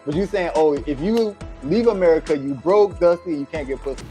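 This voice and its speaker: A man with a somewhat high voice argues back on a podcast, exasperated and pleading his case. Faint music runs underneath. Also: a little fast, dark tone. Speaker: podcast guest.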